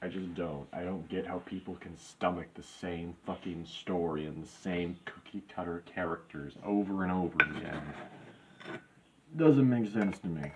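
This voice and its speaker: Very deep-voiced man ranting, lo-fi. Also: moderate pace, warm tone. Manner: profane, ranting. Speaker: channel host. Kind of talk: rambling monologue. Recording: slightly dull lo-fi, faint background noise.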